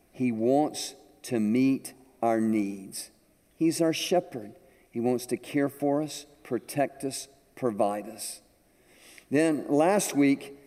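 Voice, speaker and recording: An older man preaching a sermon as pastor, telling homey anecdotes in a slow, deliberate way. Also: mid-range voice, warm tone, in a large hall. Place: large auditorium.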